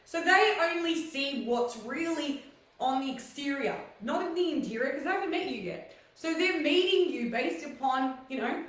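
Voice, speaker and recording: A woman's voice: sits high, lively intonation, moderate pace, fairly bright tone. A woman hosting a casual talk show, rambling with many fillers. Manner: rambling, filler-heavy, chatty. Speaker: host. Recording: very echoey room, mic far off.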